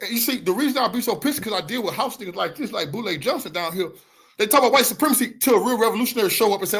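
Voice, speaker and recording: A man's voice: sits high, expressive, very fast, a bit bright, husky. A man giving a heated, profane commentary rant as an online news commentator. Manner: angry, profane, preachy.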